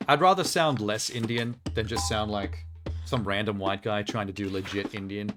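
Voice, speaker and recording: A man's voice: on the low side, normal speed. A man streaming a game, chatting casually with blunt, profane jokes, with game music behind. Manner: blunt, profane, joking asides. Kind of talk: casual live-stream gameplay commentary.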